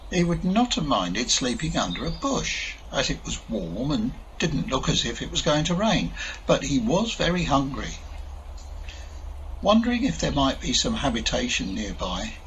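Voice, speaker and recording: A man reading a story aloud with an expressive, lilting delivery. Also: mid-range voice, a little hiss or hum, rough recording. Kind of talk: storytelling narration.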